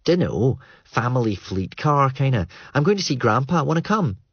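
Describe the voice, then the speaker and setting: A man's voice: medium pitch, big pitch swings, moderate pace, husky, dry recording, lo-fi sound, voice pushed up. Man doing a breezy brash young woman, blunt, dry close sound.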